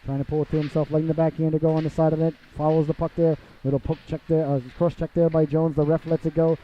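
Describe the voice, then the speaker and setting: A man calling a hockey game live, his voice sitting a bit high. He talks to the listeners in a chatty, showy way and rises into excited calls on big plays. The sound is muffled and lo-fi, like an old broadcast. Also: fast. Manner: chatty and theatrical, calls the audience "ladies and gentlemen". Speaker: play-by-play announcer. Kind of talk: live hockey play-by-play commentary. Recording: dull lo-fi broadcast audio.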